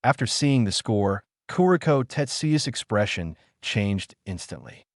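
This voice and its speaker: A male audiobook narrator reads a web novel in a low voice whose pitch rises and falls a lot. The sound is dry and close, with no room around it. He keeps one voice for narration and dialogue and pauses unevenly. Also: very animated, dry recording. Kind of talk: flat read-aloud novel narration.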